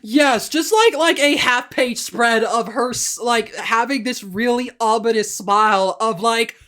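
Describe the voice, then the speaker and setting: A woman with a fairly high voice chats casually as a podcast co-host. She retells scenes in an animated way, restarting her sentences and tripping over words as she goes. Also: unhurried. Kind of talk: casual chat.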